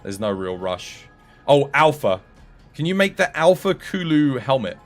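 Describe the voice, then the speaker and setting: A British man streaming a game, chatting in a relaxed way with his viewers while tired and dry in the throat. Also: medium pitch, measured pace, soft background music. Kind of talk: live game stream commentary.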